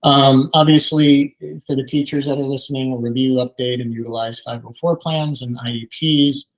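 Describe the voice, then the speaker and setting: Male therapist in his 30s, relaxed presenter, frequent fillers, mid pitch. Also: normal speed, low-quality recording. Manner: many ums, conversational teaching. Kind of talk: training presentation.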